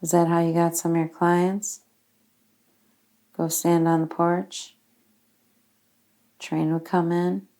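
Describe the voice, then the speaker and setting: Low, gravelly-voiced woman investigator. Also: flat delivery, takes it slowly, long pauses, warm tone. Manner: joking, offhand. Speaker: paranormal investigator. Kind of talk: casual chat during a ghost investigation.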